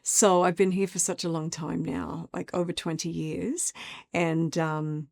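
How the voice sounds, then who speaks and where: Laughing Australian woman, slightly low voice. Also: little pitch movement, a little slow, creaky, a little mellow. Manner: chatty, laughs often. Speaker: actress guest. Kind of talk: casual interview chat.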